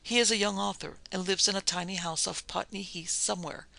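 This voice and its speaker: A woman's voice: mid-range voice, fairly even intonation, fairly quick, creaky, bright, forceful tone, pitched above the performer's own voice. A man voicing an earnest, anxious Swedish lady in a classic ghost story reading, who speaks hesitantly and searches for her words. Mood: earnest, worried.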